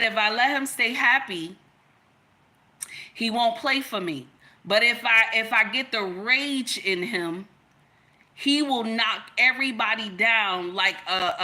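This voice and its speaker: A woman's voice: a little high, bright, forceful tone. A woman, giving an emphatic, storytelling opinion monologue in which she repeats her points. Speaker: content creator.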